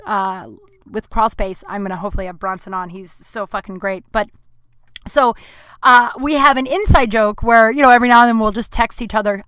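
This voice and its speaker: On her solo podcast, a woman spins casual stories, frank and rambling, heavy on fillers and cursing. Her voice is a little high, smooth and a bit bright, recorded with no room sound.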